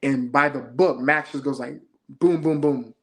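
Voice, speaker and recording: A man's voice: mid-range voice, steady tone, a little slow. A young man, a reality show contestant, telling stories in a laid-back, slangy way during a casual interview.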